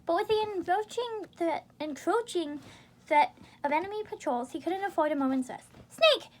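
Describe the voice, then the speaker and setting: A woman reading a game novelization aloud in a relaxed way, breaking off into rambling, giggly side comments and soft whispers. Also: very high voice, normal speed.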